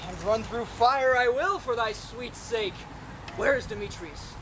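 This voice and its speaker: A woman's voice: on the high side, measured pace, close to an everyday voice. A woman playing an ardent, fickle young man in love in a stage play, speaking in earnest, impassioned verse. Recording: outdoor recording with clear noise.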